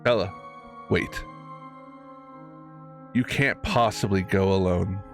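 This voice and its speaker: A man's voice: deep voice, fairly even intonation, slow, soft background music. A man voicing a vengeful old sage in a game, reading his lines in a grim, stern way.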